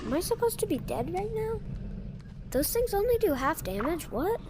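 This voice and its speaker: A young girl chatting casually through a gameplay video, rambling and stopping to calm her crying dog. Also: extremely high pitch, moderate pace, noisy background. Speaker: gaming video creator. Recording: game music playing behind.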